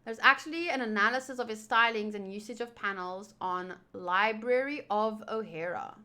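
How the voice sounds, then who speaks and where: A woman with a mid-range voice talks at a normal speed, her tone pushed and bright. She's a YouTuber reading a comic aloud, chatting casually and rambling through her commentary with plenty of fillers.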